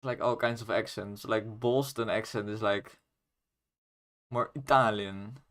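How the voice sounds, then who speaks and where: A man's voice: on the low side, steady tone, measured pace, a bit bright. Joking Dutch-accented man streaming. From Netherlands. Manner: rambling, self-mocking, jokey. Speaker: game developer streaming his work. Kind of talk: casual livestream chat.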